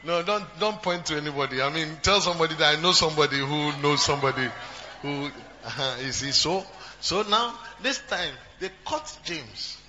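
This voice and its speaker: A man's voice: a little high, moderate pace. A man preaching a sermon to his congregation, repeating phrases and asking the crowd questions. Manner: repetitive, talks to the congregation, jokes and asks questions. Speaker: pastor. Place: church. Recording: dull recording with humming noise.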